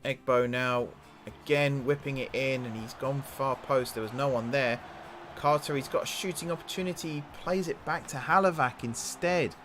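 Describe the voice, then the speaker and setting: At a moderate pace and in a mid-range voice, a gaming channel host commentates a football management game casually. Faint music plays behind him as he excitedly talks to his players, spurring them on.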